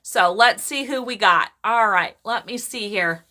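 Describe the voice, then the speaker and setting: A woman psychic medium giving live readings to viewers in a chatty, animated way, often breaking into laughter and quick asides to the chat. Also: mid-range voice.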